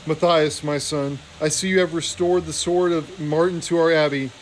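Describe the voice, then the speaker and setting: A man reading aloud, voicing an old male abbot mouse who is dying, gentle and fatherly. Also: on the high side, fairly even intonation, normal speed, a little hiss or hum, natural voice, low-quality recording. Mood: tender.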